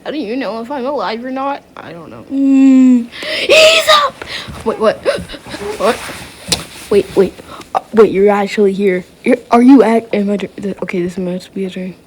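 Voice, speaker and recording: A woman's voice: mid-range voice, normal speed, warm tone, slight background noise. A woman improvising a playful fan dub over an animation, switching between silly character voices and whispered asides.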